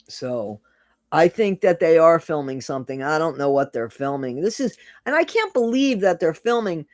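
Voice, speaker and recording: A man's voice: fairly high pitch, sing-song, moderate pace, no room sound. Earnest, emotional man chatting live. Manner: earnest and emotional, swears casually, greets chatters by name. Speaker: live-stream host. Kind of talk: casual live-stream chat, reading out viewer comments.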